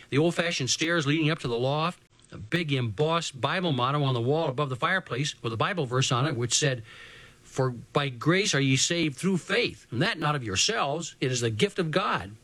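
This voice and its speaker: A man reading a first-person story aloud as an audiobook narrator, with a folksy, measured delivery. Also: a little high, fairly bright tone, dry recording, low-quality recording.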